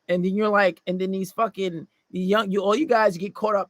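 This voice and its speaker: Blunt, profane high-voiced man. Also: fairly even intonation, fast, hardly any pauses, a bit bright, dry recording. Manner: blunt, swearing, mocking voices in quotes. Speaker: dating advice podcaster. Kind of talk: profane monologue to male listeners.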